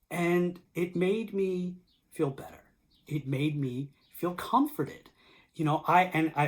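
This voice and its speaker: A pastor giving a reflective sermon, speaking gently and slipping into a near whisper at times, with frequent restarts. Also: medium pitch. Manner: soft-spoken with frequent restarts and "you know".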